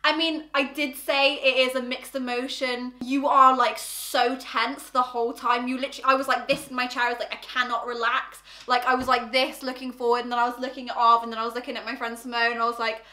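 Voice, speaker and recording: A woman's voice: a little high, little pitch movement, fast talker, few pauses, bright, forceful tone. A young woman in her twenties hosting a casual reaction vlog, chatty and bubbly, with lots of "like" fillers. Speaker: YouTube host. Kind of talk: casual reaction chat to camera. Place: indoor home room. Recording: roomy echoey room.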